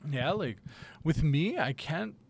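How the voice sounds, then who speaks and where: A man co-hosting a casual podcast, telling his own eerie experiences in a relaxed, rambling way with casual swearing. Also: fairly high pitch, slow, gravelly. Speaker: podcast co-host. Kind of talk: casual storytelling chat.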